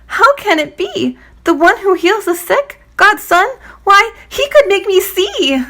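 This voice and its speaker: A woman voicing a poor, desperate blind male beggar who cries out his words in a high, pleading voice. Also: animated, takes it slowly, fairly bright tone, exaggerated voice. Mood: astonished.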